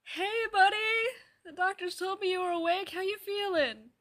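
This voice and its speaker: A woman performing a comedy sketch, voicing several characters in sarcastic, deadpan banter with casual swearing. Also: very high-pitched, normal speed.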